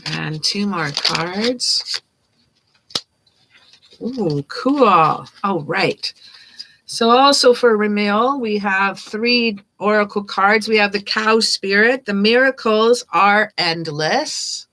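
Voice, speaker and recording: Woman hosting a live tarot stream: bright, forward tone, playful and encouraging, takes her time. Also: medium pitch, takes it slowly. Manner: upbeat, playful, affirming. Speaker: tarot reader.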